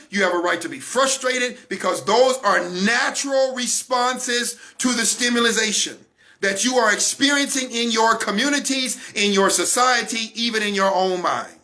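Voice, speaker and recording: Fervent high-voiced man preaching to camera. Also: normal speed, few pauses. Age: 40s. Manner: fervent, repeats phrases for emphasis, builds to shouts. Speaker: host of a weekly online talk broadcast. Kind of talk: impassioned faith-based talk to camera.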